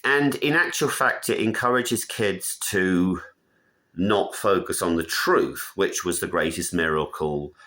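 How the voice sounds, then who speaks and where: A man's voice: sits low, fairly bright tone. A man delivering a blunt, opinionated monologue that wanders from point to point. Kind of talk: casual rambling monologue.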